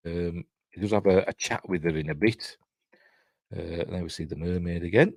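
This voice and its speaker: A man's voice: sits low, moderate pace, darkish tone, no room sound. A man with a Yorkshire accent hosting a film review, talking casually over the film with lots of fillers and chatty asides. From Yorkshire, England.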